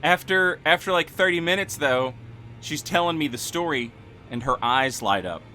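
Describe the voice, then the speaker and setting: Bright-voiced man rambling through a story. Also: fairly high pitch, lively intonation, moderate pace, soft background music. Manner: rambling, filler-heavy, builds up a punchline. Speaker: Twitch streamer. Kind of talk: casual storytelling while gaming.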